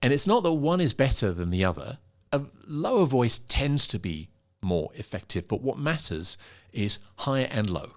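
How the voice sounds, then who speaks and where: A middle-aged man, a pitch coach, explaining in an interview and demonstrating vocal emphasis. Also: very animated, moderate pace, few pauses. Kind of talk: interview conversation.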